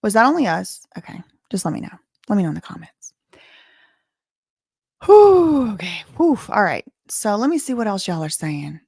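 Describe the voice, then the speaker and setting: A woman with a Southern American accent chats through a livestream in a loose, thinking-aloud way. Her voice sits at a middling pitch. The sound is close and dry, with no room around it. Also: animated, fast, vocal fry, no echo. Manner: chatty, thinking aloud with many fillers. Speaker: livestream host. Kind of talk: casual livestream commentary.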